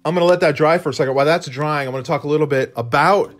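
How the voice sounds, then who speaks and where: Fairly high-pitched and rapid-fire, this man co-hosts a live painting stream. The illustrator rambles casually as he paints, often making fun of himself.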